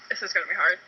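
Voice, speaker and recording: A young woman joins a fan podcast over a video call. Her voice is very bright with a slightly husky grain. She talks bluntly and crudely. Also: medium pitch, dull audio. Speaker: podcast co-host. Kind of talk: casual chat. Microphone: computer mic on a video call.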